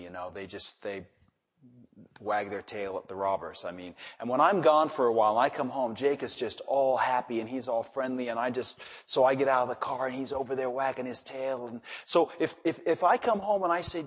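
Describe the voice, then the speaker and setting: A man preaching a sermon with animated delivery, swinging from soft asides to loud emphasis, with a slightly husky voice. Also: mid-range voice. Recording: dull reverberant hall sound.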